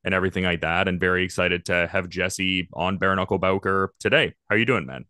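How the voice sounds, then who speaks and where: A man's voice: sits low, fairly even intonation, a little fast, sharp tone, dry recording, clean studio sound. A man hosting an interview, asking loose, rambling questions in a casual way. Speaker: podcast host. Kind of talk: interview host.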